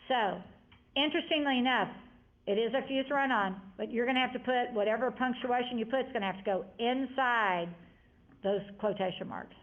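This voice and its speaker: A woman teacher works through a grammar lesson, chatty and full of wandering asides. Her voice sits a little high. The sound is thin and tinny, like a phone line. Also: moderate pace. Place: classroom. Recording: tinny lo-fi classroom audio.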